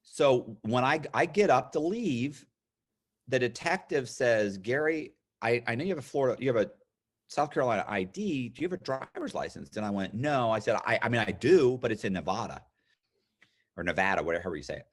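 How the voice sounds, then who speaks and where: Here a fifty-something American guest talks a little fast in a mid-range voice. Telling a lengthy story during a casual interview, he brings it to life by acting out what others said.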